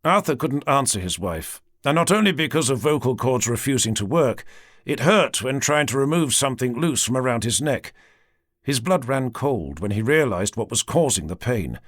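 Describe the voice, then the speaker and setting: Man, audiobook narrator, lively pitch, dramatic, measured, dry studio sound. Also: no room sound.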